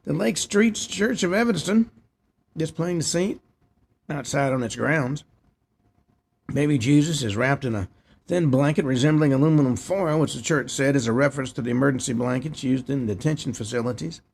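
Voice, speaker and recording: A man's voice: medium pitch, normal speed, vocal fry, a little mellow, breathy edge. A man hosting a talk show, reading news headlines and adding short opinionated asides. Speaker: host. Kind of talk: news commentary.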